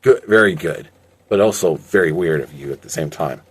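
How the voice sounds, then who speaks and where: A man's voice: low voice, normal speed, slightly rough. A man voicing an impatient, grumpy male crime boss who talks in a curt, irritated way.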